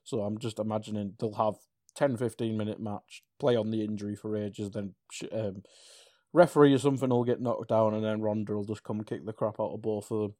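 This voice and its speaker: A man's voice: on the low side, steady tone, a little fast, dark tone, no room sound, studio quality. Rambling man, casual podcast chat. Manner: rambling, swears, trails off with ums. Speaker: wrestling podcast co-host.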